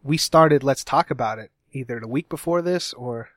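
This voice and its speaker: A man's voice: medium pitch, moderate pace, fairly bright tone, dry recording, studio quality. Rambling young man podcast co-host. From Cincinnati, USA. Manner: rambling, self-correcting, laughs often. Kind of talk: casual chat.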